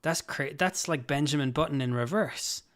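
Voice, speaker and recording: A man's voice: fairly high pitch, moderate pace, fairly bright tone. A man hosting a casual podcast with friends, teasing them and laughing often. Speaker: podcast host. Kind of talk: casual chat.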